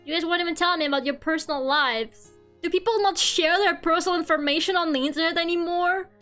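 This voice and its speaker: A woman's voice: very high-pitched, quick pace, a bit bright, soft background music. A young woman streaming from home, chatting casually with her viewers and laughing at herself often. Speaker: VTuber streamer.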